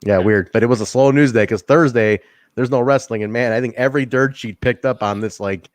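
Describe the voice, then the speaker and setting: A man's voice: medium pitch, fairly quick, dry recording. A man co-hosting a wrestling podcast, chatting in a loose, rambling way and swearing casually. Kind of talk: casual chat.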